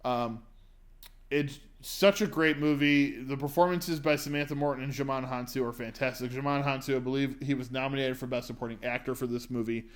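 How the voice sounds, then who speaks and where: Man reviewing films, halting with fillers. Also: mid-range voice, steady tone. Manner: hesitant, many "uh" and "um" fillers. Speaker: podcast host. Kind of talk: casual movie review chat.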